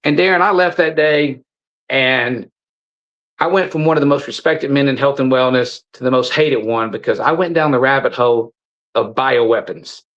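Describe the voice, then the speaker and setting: A man's voice: mid-range voice, moderate pace, fairly bright tone, lo-fi sound. A man, an interview guest, telling a story with emphatic, preachy urgency, often stumbling and repeating words. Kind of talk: impassioned storytelling in conversation.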